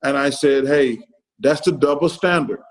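Middle-aged man, podcast guest who tells stories in quoted dialogue, voice pitched slightly high. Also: moderate pace, poor audio. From Alabama, US. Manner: retells stories in quoted dialogue, keeps repeating "I said". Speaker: podcast guest, former pro athlete. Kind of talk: casual storytelling.

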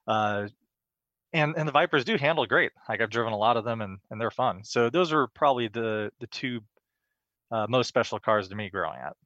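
Bright-voiced man chatting casually about cars. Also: mid-range voice, dry recording, muffled recording. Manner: quick and relaxed, with many fillers. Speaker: race car driver and test driver. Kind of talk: casual interview chat.

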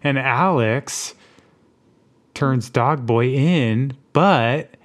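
A woman co-hosting a podcast in relaxed casual chat, chiming in with asides and quoted lines. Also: a bass voice, very slow. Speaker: podcast co-host.

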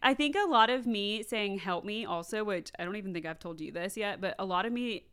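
A young woman co-hosting a podcast, talking in a relaxed, candid casual chat. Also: medium pitch, brisk, clear, resonant tone. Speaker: podcast co-host.

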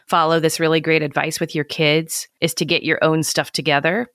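A woman's voice: low-pitched, level tone, moderate pace, few pauses, fairly bright tone, no room sound, soft background music. A woman hosting a podcast, asking thoughtful, reflective questions in a conversational way. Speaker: podcast host.

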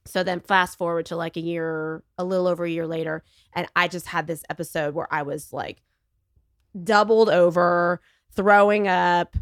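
A middle-aged woman, a podcast guest, tells her story in a wry, animated, casual conversation, acting out the voices of people she quotes. Her fairly low voice moves at a moderate pace, and the studio sound is clean with no echo.

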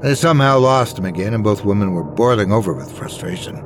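A man reading a scripted horror story in a measured, suspenseful manner. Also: on the low side, expressive, over music. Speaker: narrator.

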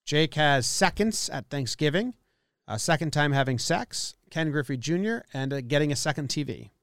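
A man's voice: a little high, lively intonation, moderate pace, a bit bright, dry recording, studio quality. Playful man co-hosting a podcast. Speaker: podcast co-host. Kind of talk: casual banter.

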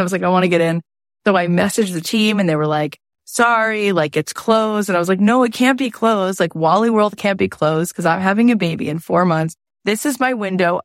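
A woman in her thirties hosting her show, telling her own story in a lively, casual way, full of quoted self-talk. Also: fairly low pitch, no room sound, studio quality.

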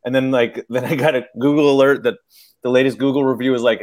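A male comedian rambles through a casual podcast chat, hedging with fillers and breaking into laughs. His voice sits at an ordinary middle pitch. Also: normal speed, noisy background. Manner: rambling, hesitant, laughs often.

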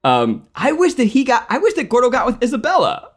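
A man's voice: very high voice, wildly swooping pitch, fairly quick. A man co-hosting a podcast, giving opinions and steering the discussion. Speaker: podcast co-host. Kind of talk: casual chat.

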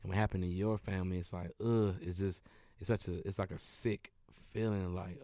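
A man's voice: sits low, steady tone, a little fast, mellow, no room sound, studio quality. A man from Detroit, a comedian guest in his thirties, talking in a laid-back, rambling way in a casual interview. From Detroit, USA. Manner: laid-back, rambling, says "you know what I'm saying" a lot.

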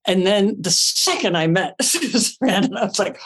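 A woman tells stories as a podcast guest, her pitch rising and falling in lively sweeps. She acts out her own lines from the past and swears now and then without fuss, speaking at an ordinary middle height. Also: normal speed, a little hiss or hum. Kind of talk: animated storytelling.

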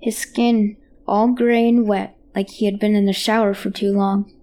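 A woman's voice: mid-range voice, little pitch movement, moderate pace, dark tone, a little hiss or hum. A woman reading a horror story aloud in a child's hesitant first-person voice. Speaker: narrator. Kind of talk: scripted horror narration.

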